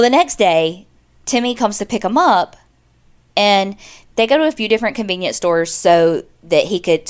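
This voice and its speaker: Podcast co-host, woman, chatty true-crime storyteller, mid-range voice. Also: medium pitch. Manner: chatty, retells events with quoted dialogue and asides.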